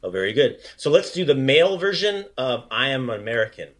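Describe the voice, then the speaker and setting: A man hosting a relaxed podcast lesson, mid-pitched and encouraging. He praises often and slows down to model each phrase. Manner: upbeat, encouraging, repeats phrases slowly. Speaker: language teacher, podcast host. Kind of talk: casual podcast language lesson.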